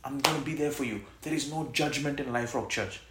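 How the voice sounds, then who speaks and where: A man preaching a sermon as pastor, calling out lines for the congregation to repeat and swinging between loud exhortation and soft reassurance. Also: medium pitch, brisk, heavy background noise. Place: church hall. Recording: echoey church hall.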